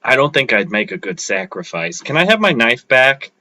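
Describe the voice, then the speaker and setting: A man's voice: medium pitch, very animated, normal speed, bright, forceful tone. A man reading aloud, voicing an awkward, anxious office worker who lives alone. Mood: flustered. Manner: awkward, flustered.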